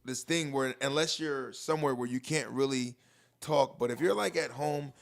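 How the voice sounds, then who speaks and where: A man's voice: medium pitch, moderate pace, gravelly. A middle-aged man co-hosting a podcast in casual chat, loose and profane, laughing often. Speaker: podcast co-host.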